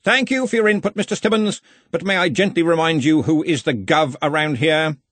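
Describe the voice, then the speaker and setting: A man voicing a bluff, loud, jovial old male wizard who gives commands. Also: fairly high pitch, a little fast, dry recording, pitched above the performer's own voice.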